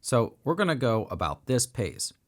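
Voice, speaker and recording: A man's voice: mid-range voice, sing-song, normal speed. A man teaching a beginner piano lesson for children, upbeat and encouraging as he counts and sings along.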